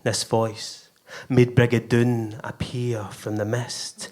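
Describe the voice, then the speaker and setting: A man's voice: medium pitch, level tone, slow, a little mellow. A man from Scotland with a Scottish accent, performing his own poem live at a venue in a rhythmic, emphatic way. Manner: rhythmic, emphatic delivery with playful voice shifts. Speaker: performance poet. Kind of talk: live spoken word poetry.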